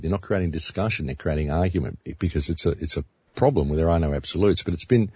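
A man's voice: sits low, a little mellow, husky, no room sound. A man, a radio announcer, talking earnestly in a casual discussion and often repeating words as he thinks.

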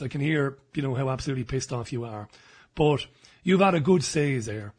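A man hosting a radio interview, measured and conciliatory with his guest. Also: mid-range voice, animated, a little mellow, slightly rough. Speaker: host.

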